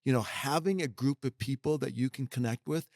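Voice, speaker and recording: A man's voice: medium pitch, fairly quick, a little mellow, no echo. Man, middle-aged, podcast guest, emphatic, folksy, dry close recording. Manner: emphatic, folksy, acts out quoted voices. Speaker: guest executive mentor. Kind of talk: podcast conversation.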